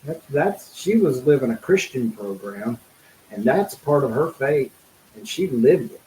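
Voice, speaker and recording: A middle-aged man speaking as a guest in an interview, telling a personal story in an earnest, halting way, full of fillers and restarts. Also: mid-range voice, expressive, roomy sound, a crowd in the background, poor audio.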